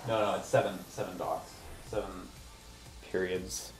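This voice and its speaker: Exasperated low-voiced man reviewing a game. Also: unhurried, over music. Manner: sarcastic, exasperated, animated rants. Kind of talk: casual game review commentary.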